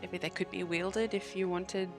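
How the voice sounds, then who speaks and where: A woman narrating a tabletop game as dungeon master, animated and quick to laugh. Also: fairly low pitch, faint music behind. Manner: giggly, animated.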